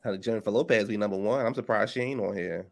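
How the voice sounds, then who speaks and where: A man's voice: fairly low pitch, quick pace, gravelly. A man co-hosting a casual chat, sassy and joking, cursing often. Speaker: co-host.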